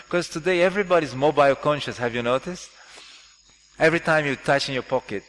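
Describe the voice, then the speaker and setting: A man giving a scripture class, explaining with lively, jokey questions to his audience. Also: a little high, fast talker. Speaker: class speaker. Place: temple hall. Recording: echoey hall with faint noise.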